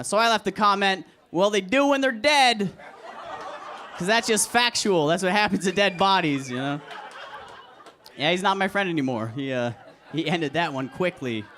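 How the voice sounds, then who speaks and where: Man, young adult, stand-up comic, deadpan and crude, self-deprecating, high voice, comedy club open mic. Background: audience laughter.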